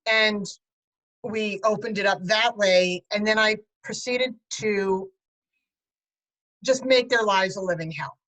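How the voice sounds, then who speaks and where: A middle-aged woman, a guest on an interview show, telling a story about her son in an animated way with bursts of laughter. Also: mid-range voice, slow pace, pauses often, rough recording. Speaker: guest, parent and writer. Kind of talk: conversational interview.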